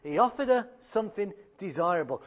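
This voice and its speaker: A man's voice: high-pitched, big pitch swings, a little fast. A man in his thirties preaching a sermon in a conversational, anecdotal way. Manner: anecdotal and conversational, with acted quotes. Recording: phone-like narrow band.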